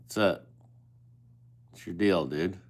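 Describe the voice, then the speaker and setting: A man's voice: sits low, slow. A man chatting casually with viewers on a live stream, teasing and swearing at them in an offhand way.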